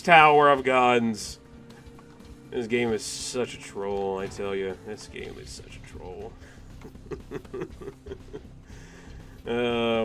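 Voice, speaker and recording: A young man giving casual let's play commentary, animated, exclaiming and groaning at the game. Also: on the low side. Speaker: gaming commentator.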